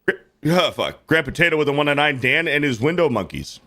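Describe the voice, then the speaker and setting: Male stream host, hiccuping, swearing, animated delivery, a bit high. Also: brisk. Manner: profane, laughing through readouts. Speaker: host reading super chats. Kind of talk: casual livestream chat.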